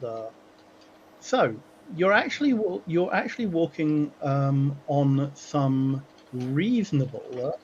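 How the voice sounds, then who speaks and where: A man narrating a tabletop game as game master, pausing often with fillers and restarts. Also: a little high, lively intonation, dull audio, a little hiss or hum. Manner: halting, many fillers and restarts.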